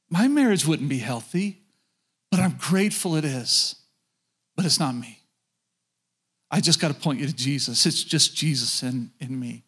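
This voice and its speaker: A middle-aged man delivers a sermon as a pastor. His voice sits a bit high for a man. He preaches in a conversational way and keeps turning to the congregation with direct questions. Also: a bit bright, husky.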